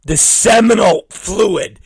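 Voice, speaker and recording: A man in his forties hosting a talk show, telling a crude story with repeated words and sudden shouted exclamations. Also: sits high, takes it slowly, breathy edge, no echo. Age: 40s. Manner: vulgar, repetitive, bursts into shouted exclamations. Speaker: podcast host. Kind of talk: crude comedic monologue.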